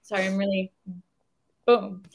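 A woman songwriter chats as an interview guest. She talks in a bubbly, quick way and laughs often. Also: medium pitch, flat delivery, gravelly, slight background noise. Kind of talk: casual interview chat.

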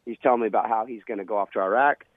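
A man's voice: on the low side, racing, no echo. Former SEAL telling his story over a phone line. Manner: vivid, dramatic storytelling. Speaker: guest, former Navy SEAL and author. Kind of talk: storytelling interview. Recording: tinny phone-line sound.

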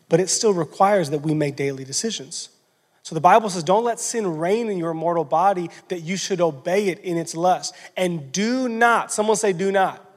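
A man's voice: high voice, in a large hall. A man in his thirties preaching a sermon as a pastor, earnest, repeating words and dropping to a near whisper in prayer.

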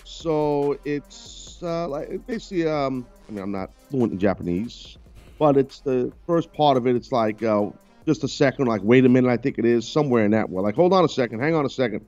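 A man's voice: mid-range voice, animated, a little fast, darkish tone, dull audio, soft background music. A man hosting a radio talk show, chatting loosely and teasing his co-hosts. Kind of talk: casual on-air banter.

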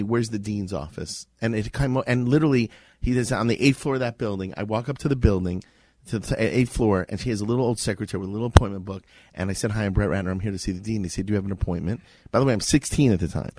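A man's voice: lowish voice, fast, dry recording. A man from Miami, a guest in a radio interview, telling a story animatedly and acting out the voices in it, recorded in an office. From Miami, USA. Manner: lively storyteller, acts out quoted voices. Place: office with a gathering.

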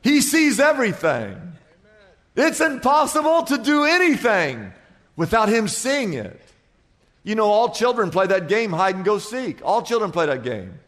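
A man's voice: high-pitched, very animated, a little slow, a bit bright, long reverb tail. A male pastor preaching a sermon, telling jokes and stories and quizzing the congregation. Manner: jokey storytelling, quizzing the congregation.

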